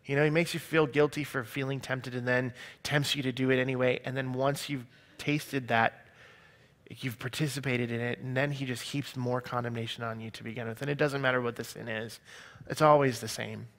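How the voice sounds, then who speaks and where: A man's voice: mid-range voice, steady tone, a little fast, a bit bright. A man giving an earnest, confessional personal testimony as a sermon. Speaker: speaker sharing his testimony.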